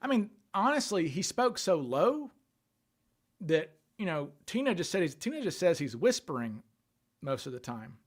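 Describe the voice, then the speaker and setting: A man's voice: fairly high pitch, big pitch swings, moderate pace. A man hosting a casual livestream, thinking aloud and answering questions from viewer chat. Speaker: livestream host.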